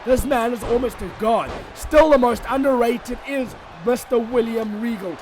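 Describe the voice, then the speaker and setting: A man giving excitable, shouty solo commentary over a wrestling video game, swinging between rants and mock outrage. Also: extremely high pitch, normal speed, a little hiss or hum.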